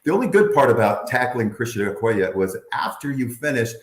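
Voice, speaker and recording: A man in his fifties, a former football player from the Bay Area, telling animated stories in an interview and acting out quotes. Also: mid-range voice, a little fast, echoey room. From Bay Area, United States. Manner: animated storyteller, acts out quotes, laughs often. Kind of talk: candid interview storytelling.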